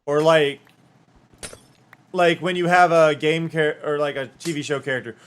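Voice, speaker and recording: Male streamer, higher-pitched voice, rambling chatter and hummed asides. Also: steady tone, normal speed, clean tone. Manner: rambling and chatty, with hums and half-sung bits. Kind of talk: casual live-stream chat.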